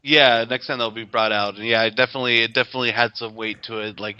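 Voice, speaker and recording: A man's voice: medium pitch, fairly even intonation, fast talker, sharp tone, clear, resonant tone, muffled recording. A man co-hosting a casual gaming podcast, thoughtful and full of "like"s, often giving short agreeing replies. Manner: thoughtful, many likes, brief agreeing replies. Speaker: podcast co-host.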